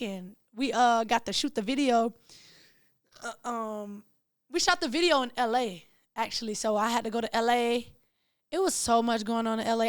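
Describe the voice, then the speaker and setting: A young woman, hosting a show and telling excited, slangy stories in casual chat. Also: fairly high pitch, no echo, clean studio sound. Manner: excitable, slangy, animated storytelling. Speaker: podcast host. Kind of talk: casual storytelling to camera.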